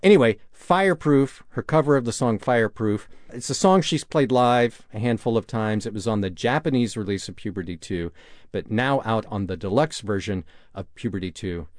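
A man's voice: fairly low pitch, moderate pace, dry recording, studio quality. Chatty male music radio host. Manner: enthusiastic, teasing, with restarts. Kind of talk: casual music radio chat.

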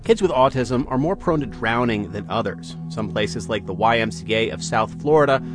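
Male announcer, clear informative read, music bed. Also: medium pitch, lively intonation, normal speed. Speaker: radio announcer. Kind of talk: news promo read.

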